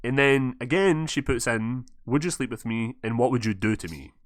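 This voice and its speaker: A man's voice: medium pitch, normal speed, dry recording. A man with a Scottish accent tells a story on a casual podcast, swearing freely and acting out the lines people said. His voice sits in a middling range and sounds dry and close, with no room around it. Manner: animated, swears a lot, acts out quoted lines. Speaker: podcast host.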